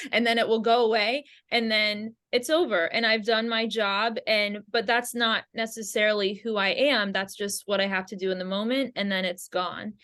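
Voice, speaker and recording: Calm, explaining woman on a call. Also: medium pitch, normal speed. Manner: calm, explanatory, spiritual talk. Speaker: podcast guest. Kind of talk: casual chat.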